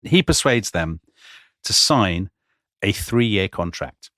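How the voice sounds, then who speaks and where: A man with a lowish voice narrates history to his co-host in a wry, chatty manner, slipping into little laughs. The sound is close and dry, with no room around it. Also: expressive, slow pace, fairly bright tone, no echo. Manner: wry, chatty storyteller who laughs mid-sentence. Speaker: podcast co-host. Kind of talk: conversational history storytelling.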